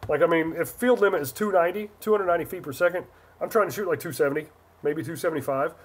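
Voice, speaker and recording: A man from Northern California hosts a relaxed livestream, rambling through answers as he reads viewer comments aloud. His voice sits noticeably high for a man. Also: quick pace, husky. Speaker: livestream host. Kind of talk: casual live chat answering viewers.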